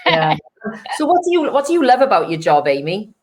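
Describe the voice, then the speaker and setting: A woman's voice: medium pitch, big pitch swings, fairly quick. A woman interviewer asking eager questions, repeating words as she goes. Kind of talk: casual interview chat.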